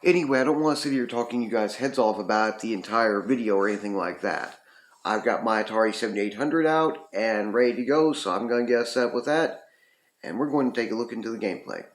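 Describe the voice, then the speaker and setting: A man's voice: fairly low pitch, expressive, fairly quick. A man casually reviewing a retro video game, rambling with lots of ums and uhs. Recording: roomy echo.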